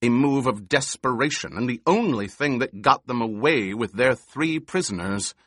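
A man's voice: medium pitch, lively intonation, moderate pace, a bit bright, dry recording, studio quality. A man voicing a cruel, mocking emperor who speaks in an imperious, purring, commanding way. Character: cruel, mocking male emperor on his throne.

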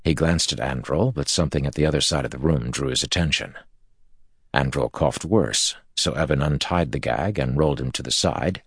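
A man narrates an audiobook in a measured, storytelling way. His voice is extremely deep and gravelly, with a husky grain, and the recording is close and dry. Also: no room sound. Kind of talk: scripted narration.

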